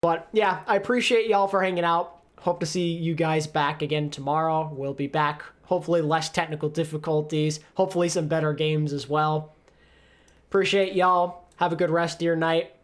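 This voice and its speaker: A man's voice: a little high, level tone, normal speed. A man hosting a casual live co-stream, talking to chat in a weary, wry way. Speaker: co-stream host.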